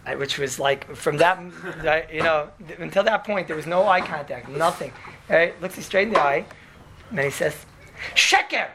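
Gravelly man telling a story. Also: a little high. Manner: chatty, punctuates with "right?", mixes in Hebrew and Yiddish words. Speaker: speaker telling a story to an audience. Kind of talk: animated storytelling talk.

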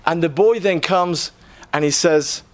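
A man's voice: fairly high pitch, unhurried. Earnest man telling a sermon story. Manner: earnest, rhetorical questioning storyteller. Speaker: preacher.

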